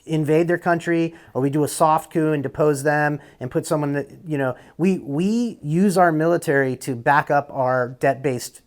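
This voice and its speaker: A man's voice: fairly high pitch, moderate pace, hardly any pauses. A young man, a military veteran, talking as a podcast guest in a candid, rambling, casual way and swearing now and then. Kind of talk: casual conversation.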